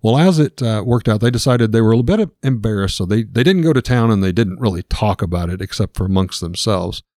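A man's voice: fairly low pitch, animated, fast talker, darkish tone, no echo, studio quality. A man casually retelling a ghost story as a podcast host, with lots of filler words.

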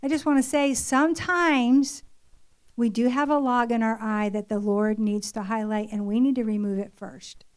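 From the pulpit, an older woman church speaker shares a personal story in an earnest, confessional sermon style. Her slightly high voice is clean-toned with fairly even intonation and moderate pace, and her loose, conversational talk about home life is full of little fillers.

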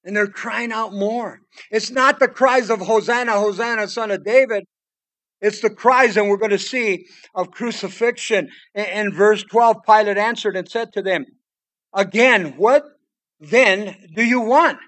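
A man with a notably high-pitched voice delivers a verse-by-verse sermon. He talks straight to his listeners, calling them "guys" and telling them to listen. He punches some lines out loud, then drops to a near-hush for pleading asides. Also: steady tone, normal speed. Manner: emphatic, swings between loud declarations and hushed pleading asides. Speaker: preacher. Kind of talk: expository sermon.

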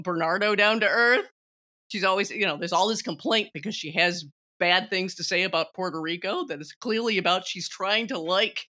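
A woman in casual conversation about films, opinionated and animated, laughing often as she argues her point. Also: on the low side. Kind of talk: casual film discussion.

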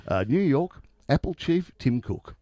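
A man's voice: medium pitch, very animated, measured pace, warm tone, no room sound. A man co-hosting a radio show, chatting casually, laughing often and stumbling into his stories. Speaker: radio co-host.

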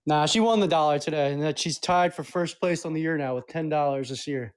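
A man's voice: on the high side, brisk, clean tone. A man with a Philadelphia accent co-hosting a wrestling podcast in loose, slangy banter. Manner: laid-back slangy banter. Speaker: podcast co-host. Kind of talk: casual wrestling chat.

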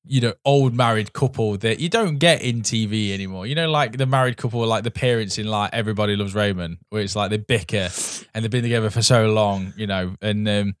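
Male podcast co-host, low voice, dry sound, chatty and meandering. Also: a little fast, hardly any pauses, clean tone, dry recording. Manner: rambling, trails off with fillers. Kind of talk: casual film chat.

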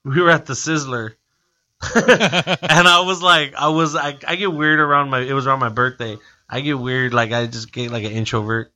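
A man's voice: mid-range voice, normal speed. A man in his thirties, a guest comedian, telling stories in casual chat and acting out the people he quotes. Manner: animated storyteller, acts out quotes.

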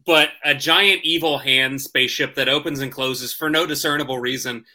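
A man's voice: medium pitch, steady tone, normal speed, sharp tone. A man co-hosting a casual podcast, enthusiastic and profane in his praise. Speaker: podcast co-host.

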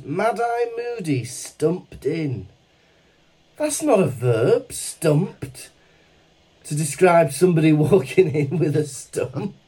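A man chats on a podcast at an unhurried pace, his voice sitting a little high and swooping up and down. He teases and laughs easily as he talks. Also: dark tone, husky. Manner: playful, teasing, laughs often. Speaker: podcast co-host. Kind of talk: casual podcast chat.

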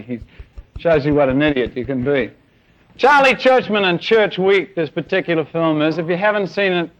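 A man preaching a sermon to young people, telling a story animatedly and acting out scenes with sound effects. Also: fairly high pitch. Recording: dull lo-fi sermon recording.

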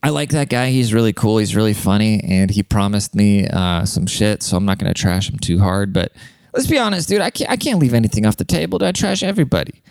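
Young man, podcast host, low smooth voice, rambling and profane, dry close sound. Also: lively intonation, brisk, a little mellow, no room sound. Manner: rambling, profane, laughs often. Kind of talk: casual podcast monologue.

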